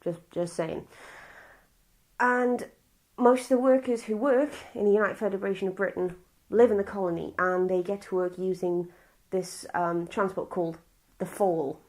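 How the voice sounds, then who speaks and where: A woman's voice: medium pitch, fairly even intonation, moderate pace, a little mellow. Welsh woman, film review vlog, rambly and blunt, swears a bit. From Wales. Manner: rambling, chatty and blunt, with frequent restarts and swearing. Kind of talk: casual spoken film review.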